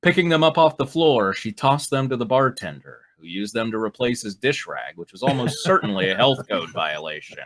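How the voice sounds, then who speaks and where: A man's voice: mid-range voice, big pitch swings, a little fast, few pauses, a crowd in the background. A man hosting and narrating a live fan fiction read-through in a playful, joking manner. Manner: playful, breaks to laugh and comment. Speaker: narrator and show host.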